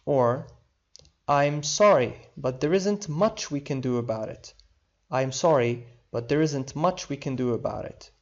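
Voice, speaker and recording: A man teaching an online English lesson, saying each example phrase twice, slowly and clearly. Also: medium pitch. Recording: slightly dull lo-fi audio.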